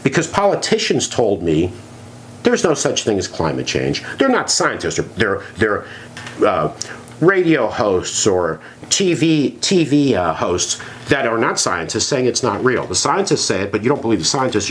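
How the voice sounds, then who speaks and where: A man's voice: lowish voice, moderate pace, a little hiss or hum. A man co-hosting a podcast, talking in a sarcastic, ranting way in casual chat. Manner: animated, sarcastic, rant-like. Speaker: podcast co-host.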